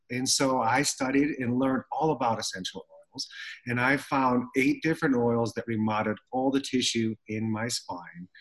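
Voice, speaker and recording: Man, middle-aged, husky voice, lively storyteller, mimics other people's voices. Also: medium pitch, low-quality recording. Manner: animated storyteller who acts out quoted voices. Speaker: guest telling his story. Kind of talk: personal story told in conversation.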